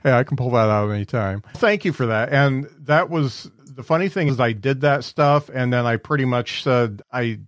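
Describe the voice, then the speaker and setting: A man hosting a podcast who talks in a relaxed, easygoing way and often gives short affirmations. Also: medium pitch, moderate pace, hardly any pauses, dry recording, clean studio sound. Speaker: podcast host. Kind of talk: podcast conversation.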